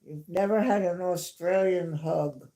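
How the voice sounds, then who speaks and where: Slow, gravelly woman telling home stories. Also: fairly low pitch, mellow. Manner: chatty, repeats herself for emphasis. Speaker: livestream host. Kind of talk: casual storytelling.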